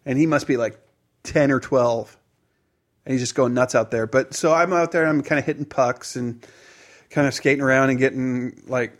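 A man's voice: mid-range voice, moderate pace. A man hosting a podcast, chatting casually and telling rambling stories with lots of restarts. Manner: rambling storyteller, many restarts and acted-out quotes. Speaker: podcast host. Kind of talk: casual chat.

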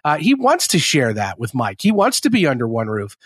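A man's voice: mid-range voice, wildly swooping pitch, brisk, a bit bright, slightly rough, no room sound, studio quality. A man co-hosting a podcast, chatting casually about a TV episode and acting out character lines. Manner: conversational, acts out character lines in quotes. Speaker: podcast co-host.

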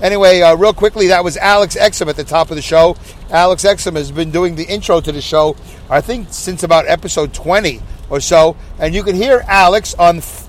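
A man's voice: a little high, moderate pace. A man hosting a podcast, rambling casually with lots of fillers and self-mocking asides, recorded in his car on a rainy drive. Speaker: podcast host. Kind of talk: casual monologue while driving. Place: inside a car on a rainy highway. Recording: recorded in a moving car, faint road noise. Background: rain and road noise.

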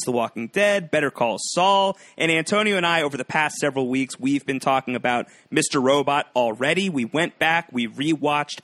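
A man's voice: fairly high pitch, fairly bright tone, no room sound, clean studio sound. A young man hosting a TV recap podcast, upbeat and jokey in casual chat. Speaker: podcast host.

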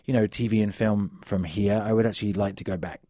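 An English man, a guest actor, chatting casually and telling stories in a relaxed way, laughing easily. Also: lowish voice, fairly quick, dry recording, clean studio sound. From England. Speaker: guest, actor and former model. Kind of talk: casual interview chat.

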